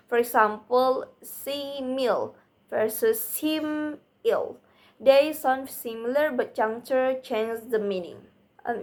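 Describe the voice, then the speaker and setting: A young woman speaks, giving a student presentation on phonetics. She reads at a very slow, deliberate pace, in a slightly high voice, and often trips and restarts her words with small fillers. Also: a little mellow.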